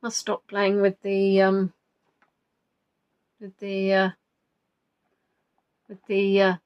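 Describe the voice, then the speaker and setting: A woman's voice: mid-range voice, monotone, very slow, clear, resonant tone, dull audio. A woman hosting a live-streamed quiz from home, rambling playfully, reading out viewers' answers and making joking asides.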